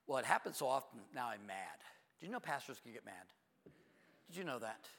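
Animated pastor in a reverberant church hall. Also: male voice, medium pitch, fairly quick, vocal fry. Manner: animated storytelling, acts out both sides of conversations. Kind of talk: sermon. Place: church sanctuary.

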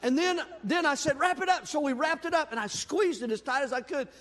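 A man preaching a sermon in a church, telling a folksy personal story in an animated, self-deprecating way. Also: very high-pitched, fairly quick. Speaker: pastor. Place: church sanctuary. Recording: long hall reverb.

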